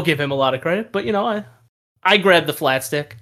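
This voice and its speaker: A man co-hosting a casual podcast, telling animated stories with frequent laughter and casual swearing. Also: on the high side, a little fast, a little hiss or hum. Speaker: podcast co-host. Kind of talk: casual chat.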